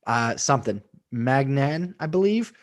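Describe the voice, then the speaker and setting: A man's voice: medium pitch, expressive, measured pace. A man co-hosting a casual football podcast, laid-back and joking, with some swearing. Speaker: podcast co-host. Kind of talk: casual sports chat.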